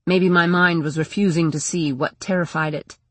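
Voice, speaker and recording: A woman narrating a first-person audiobook in a measured, tense way. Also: fairly low pitch, steady tone, no echo.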